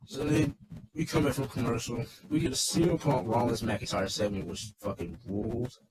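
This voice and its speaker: A man's voice: mid-range voice, huge pitch swings, moderate pace, heavy background noise. Casual swearing man recapping wrestling. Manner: loose, swearing, rambling asides. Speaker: wrestling show reviewer.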